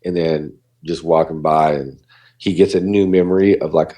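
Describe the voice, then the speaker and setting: A man's voice: rumbling low, fairly even intonation, moderate pace, warm tone. A man, a dog behaviorist, talking casually on a podcast and acting out what dogs and people say.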